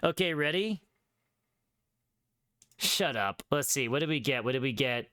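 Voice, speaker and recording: A man's voice: medium pitch, lively intonation, unhurried, pauses often, sharp tone, dry recording, studio quality. Sarcastic, jokey male game streamer. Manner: sarcastic, jokey, reads quiz questions aloud. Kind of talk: casual live gameplay commentary.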